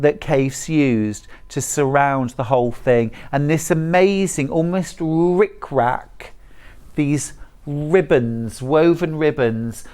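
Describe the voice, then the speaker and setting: A presenter on a live shopping channel, speaking slowly and deliberately while gushing over every item. The delivery is chatty and enthusiastic, full of asides, in a mid-range voice. It comes from a TV studio. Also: mid-range voice, darkish tone, clean tone.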